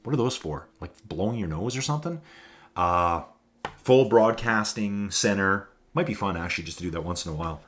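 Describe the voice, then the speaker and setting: A man's voice: on the low side, lively intonation, a little fast, a bit bright. A man with an Albertan Canadian accent, commentating a live-streamed race in a loose, rambling way full of joking asides.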